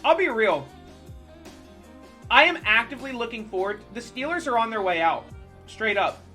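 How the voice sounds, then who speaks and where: A streamer ranting casually and profanely about football while playing a baseball management game. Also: mid-range voice. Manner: animated, profane sports ranting.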